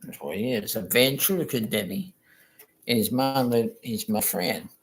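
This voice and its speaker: A man's voice: on the low side, normal speed, rough recording. A man chatting in a rambling, chuckling way while painting live on a stream. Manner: rambling, chuckling, self-interrupting. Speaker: painting instructor.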